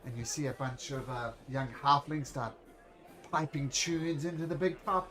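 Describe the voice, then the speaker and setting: A man's voice: medium pitch, steady tone, normal speed, fairly bright tone, faint music behind. A man narrating a tabletop game as game master, in a loose, casual way with frequent restarts.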